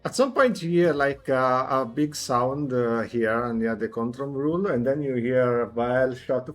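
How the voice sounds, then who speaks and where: A man's voice: medium pitch, lively intonation, measured pace, few pauses. Man, game master narrating a tabletop game, casual with fillers, faint music behind.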